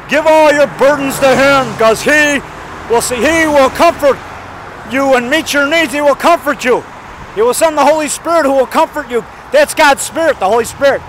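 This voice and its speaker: A man talking in a rambling, folksy, excitable way, mixing songs with preaching, outdoors by a road. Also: extremely high pitch, a little hiss or hum. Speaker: vlogger.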